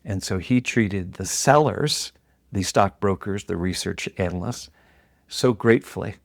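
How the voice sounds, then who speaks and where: A middle-aged man with a low, gravelly voice tells a story in a podcast interview. He is animated and slips into the voices of the people he quotes. The recording is close and dry. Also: a little slow, no room sound. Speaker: guest.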